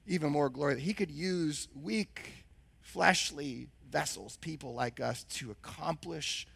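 A male pastor preaching a sermon with a hoarse, husky voice, since he has lost his voice, and asking the congregation questions. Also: sits high, a bit bright, no room sound.

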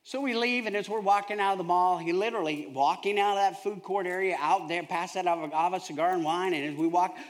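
A man preaching a sermon, telling a humorous family story in a lively, conversational way. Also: high voice, fast talker, few pauses. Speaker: pastor.

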